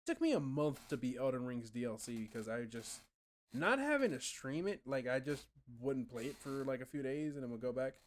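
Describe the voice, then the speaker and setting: A man's voice: mid-range voice, expressive, brisk, slight background noise. A young man streaming and chatting casually with viewers, rambling, swearing often and trailing off mid-thought. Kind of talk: casual chat answering viewers.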